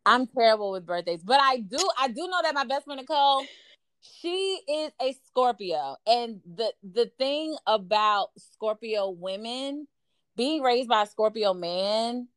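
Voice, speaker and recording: Animated woman telling a story, dry close mic. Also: fairly high pitch, no echo. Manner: animated, acts out quoted dialogue, frequent fillers. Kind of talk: casual storytelling chat.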